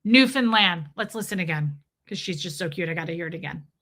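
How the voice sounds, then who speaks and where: A woman's voice: fairly low pitch, fast talker. A woman hosting a livestream and reading viewer messages in casual, playful chat, swearing freely and slipping into mock voices. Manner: playful and animated, breaks into bits of song and mock voices. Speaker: livestream host reading viewer super chats.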